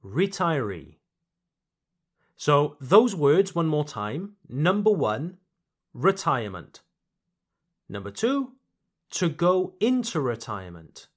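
A man teaching vocabulary on a podcast, speaking slowly and repeating each word so learners can follow. His voice sits a little high and swings through a lively melody. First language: English. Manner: slow, deliberate, repeats words for learners. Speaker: English teacher and podcast host. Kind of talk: bilingual vocabulary lesson.

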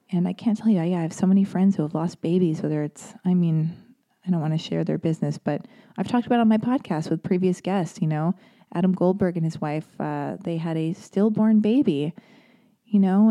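A woman's voice: on the low side, dark tone. A woman hosting a podcast, reading listener emails and talking through them in an earnest, rambling way with many fillers. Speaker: podcast host.

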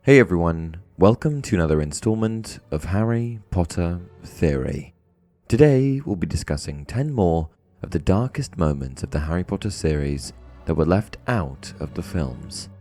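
A man hosting a fan explainer channel, narrating a script with expressive, dramatic emphasis. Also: deep voice, normal speed, faint music behind.

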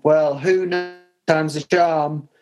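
A man's voice: a little high, fairly even intonation, takes it slowly, darkish tone, soft background music, low-quality recording. A man co-hosting a football podcast from a video call, chatting casually with a few hesitations. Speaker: podcast co-host. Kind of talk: casual chat.

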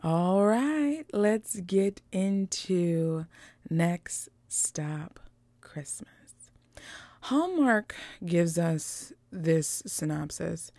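A woman host giving casual, animated commentary on holiday movies, joking and slangy. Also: on the low side, creaky, no room sound.

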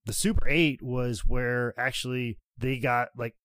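A man co-hosting a wrestling podcast, talking in a casual, animated way with plenty of swearing and filler words. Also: mid-range voice, measured pace. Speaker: podcast co-host.

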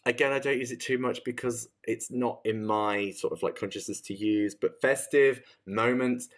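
A man's voice: mid-range voice, steady tone, normal speed. An English man with an accent mixing northern and southern England, chatting casually as a podcast co-host. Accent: English, mix of northern and southern. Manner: chatty, laughing, swearing casually. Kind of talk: casual chat.

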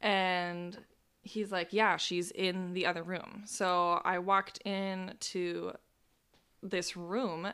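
A young woman in her twenties telling her story as an interview guest, rushing along with nervous laughs and frequent "like". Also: lowish voice, flat delivery, fairly bright tone, smooth. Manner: talks in a rush with nervous laughs and "like". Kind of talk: personal account in an interview.

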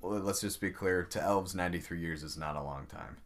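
Man, deep voice, casual podcast co-host, rambling explainer, joking. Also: brisk. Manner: relaxed, rambling explainer with fillers and playful jokes. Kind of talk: casual chat.

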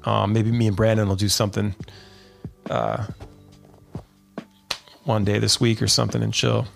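A man's voice: on the low side, level tone, normal speed, vocal fry, faint music behind. A man hosting his podcast stream in a laid-back, rambling chat, dropping fillers and calling listeners "dude". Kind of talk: casual live-stream chat.

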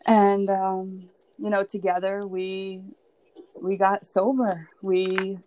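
A woman's voice: mid-range voice, flat delivery, slow, dark tone, a little hiss or hum. A woman sharing her personal story as a podcast guest, candid and emotional, with lots of "like" and "um.". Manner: candid and emotional, heavy with "like" and "um" fillers.

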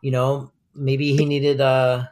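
A man's voice: mid-range voice, monotone, takes it slowly, a little mellow. A man co-hosting a podcast, chatting playfully and acting out favourite lines from a sitcom. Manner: playful, quotes lines in little voices. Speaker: podcast co-host. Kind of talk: casual chat recapping a sitcom episode.

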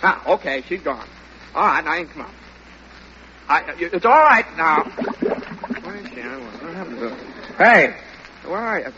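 A man's voice: on the high side, sing-song, measured pace, pauses often, background noise. An actor playing a flustered, scheming young man who stammers and hems, in 1940s radio acting style, on a dull old broadcast.

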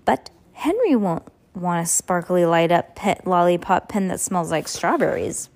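A woman reading a storybook aloud, voicing an eager, pleading little girl in a raised, brighter voice. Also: on the low side, expressive, a little slow, gravelly.

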